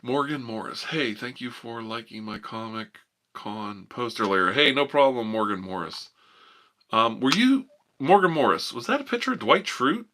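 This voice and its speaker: A man hosting a live ASMR stream, chatting softly and playfully with viewers and rambling. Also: medium pitch, animated, normal speed.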